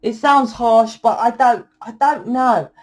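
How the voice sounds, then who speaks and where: A young woman giving a channeled tarot reading in a forceful, blunt lecturing way, swearing often. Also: fairly high pitch, slow. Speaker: tarot reader.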